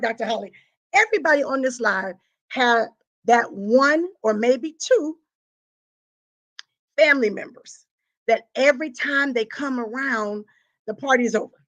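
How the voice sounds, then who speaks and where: A woman's voice: high voice, fairly bright tone. A woman, hosting a live talk and preaching to her audience with emphatic, repeated phrases and acted-out confessions.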